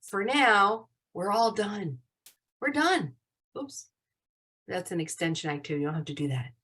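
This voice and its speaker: A woman's voice: mid-range voice, animated, moderate pace, a bit bright, husky. A woman teaching a live online class over a video call, upbeat and full of praise for her students.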